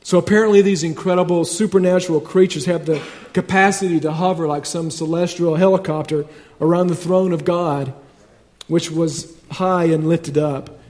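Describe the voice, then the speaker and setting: A man's voice: a little high, steady tone, moderate pace, darkish tone. A man preaching a sermon in a conversational but emphatic way, building points through repetition.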